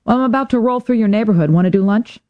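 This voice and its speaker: A woman voicing a brisk, wisecracking female police detective friend, in a dull, dry lo-fi audiobook recording. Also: mid-range voice, no echo, voice pushed up, lightly acted. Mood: teasing. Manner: wisecracking, quick.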